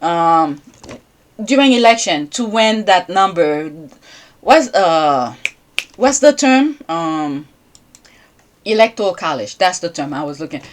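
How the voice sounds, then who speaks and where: A woman who speaks English as a second language hosts her own podcast in a loose, rambling commentary. She keeps pausing to ask her listeners "okay?" while her voice sits at an ordinary middle pitch. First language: not English. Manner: rambling, checks in with repeated "okay?". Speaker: podcast host. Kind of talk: casual commentary monologue.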